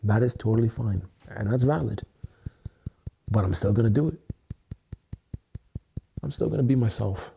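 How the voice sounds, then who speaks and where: Gravelly, earnest man on a livestream. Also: fairly low pitch, normal speed, long pauses, mellow, slight background noise. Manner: earnest, emotional, swears freely, repeats phrases. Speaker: content creator. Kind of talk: solo livestream monologue, EFT tapping. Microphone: webcam mic, looking into camera.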